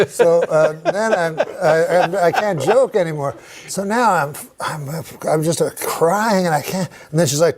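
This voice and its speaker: A man, a comedian, telling rambling deadpan stories as a talk-show guest. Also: a little high, normal speed. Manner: deadpan, rambling, with many fillers.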